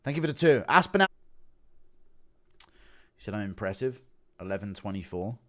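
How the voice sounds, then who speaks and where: Animated, blunt livestreaming man. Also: lowish voice, normal speed. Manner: blunt, rambling, swears a lot. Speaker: livestream host reacting to a podcast. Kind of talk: casual livestream commentary, reading chat.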